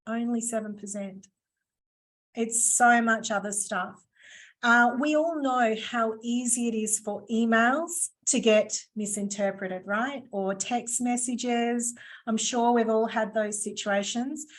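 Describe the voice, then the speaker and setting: A woman with a slightly raised voice runs a live online training session over a video call. She talks in a chatty, playful way, slipping teasing asides in among her points. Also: a little high. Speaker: workshop presenter.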